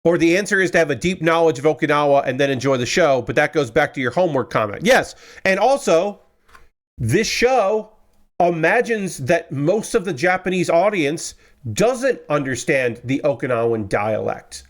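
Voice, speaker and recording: A man's voice: a little high, lively intonation, moderate pace. A man live streaming casual chat as he works a jigsaw puzzle, rambling and digressive and answering his chat.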